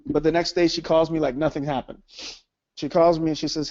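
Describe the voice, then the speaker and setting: Host, male, fairly high voice, earnest storyteller in a casual faith chat, keeps asking "right?", dry, dull lo-fi sound. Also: normal speed, no echo. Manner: earnest, animated, often asks "right?".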